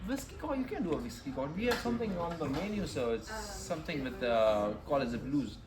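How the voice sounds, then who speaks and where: A man's voice: on the high side, big pitch swings, fast talker, background noise. A man tending bar on a cruise ship, eagerly chatting with guests and repeating his points. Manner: eager, repeats himself, salesman-like. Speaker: bartender teaching a mixology class. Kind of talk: casual talk with guests.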